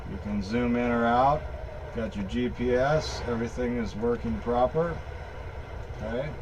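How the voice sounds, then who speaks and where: A man's voice: medium pitch, normal speed, background noise. Rambling man with a folksy manner. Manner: rambling, folksy, full of fillers and restarts. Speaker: tech tutorial maker. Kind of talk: casual screen-recorded walkthrough.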